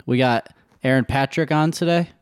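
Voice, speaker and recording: A man's voice: medium pitch, moderate pace, clear, resonant tone, dry recording, clean studio sound. Laughing man co-hosting a podcast. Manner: laughs often, easygoing, reads promos. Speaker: podcast co-host. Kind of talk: casual podcast banter.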